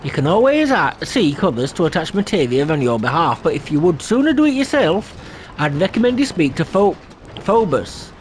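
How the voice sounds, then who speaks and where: A man's voice: fairly high pitch, sing-song, normal speed, slight background noise. A man voicing a learned, formal teacher of crystal lore, reading in a shaky put-on accent with small stumbles. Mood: instructive. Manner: stilted put-on accent, read aloud with stumbles.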